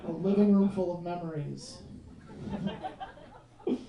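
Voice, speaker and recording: A man's voice: sits high, a little slow, gravelly, noisy background. A young man performing stand-up comedy in a small club, loose and profane, padding his jokes with fillers like "you know what I mean". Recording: echoey club from a distance.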